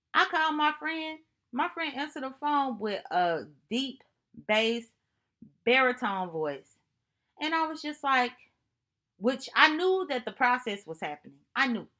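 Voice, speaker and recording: A woman with a somewhat high voice talks slowly and deliberately to her camera. She reflects earnestly on personal experiences, lingering on phrases and circling back to repeat a point. Her tone stays thoughtful and sincere throughout. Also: bright, forceful tone. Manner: earnest, thoughtful, unhurried storytelling with repetitions. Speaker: vlogger.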